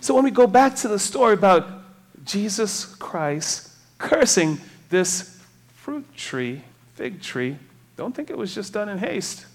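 A man's voice: sits high, big pitch swings, unhurried. A man preaching a sermon in a conversational way, reading scripture and asking the congregation rhetorical questions.

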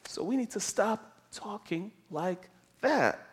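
Man, preacher, sermon, emphatic, slightly high voice, very lively pitch. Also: slow, slightly rough. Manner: animated, emphatic, varies from soft to loud.

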